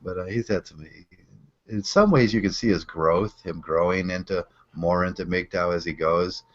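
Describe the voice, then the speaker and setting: A man hosting a casual group chat, relaxed, trailing off with fillers. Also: deep voice, moderate pace. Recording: dull lo-fi online call audio.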